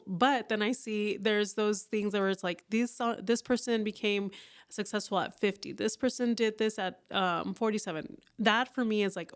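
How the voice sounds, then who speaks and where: A woman around forty, a business owner talking candidly in a casual interview and acting out her own thoughts in quick asides. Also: mid-range voice, fairly even intonation. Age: about 40.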